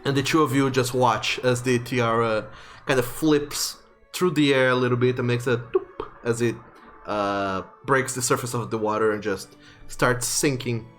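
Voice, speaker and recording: A man narrating as game master of a tabletop role-playing game, relaxed and full of fillers. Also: medium pitch, normal speed, soft background music.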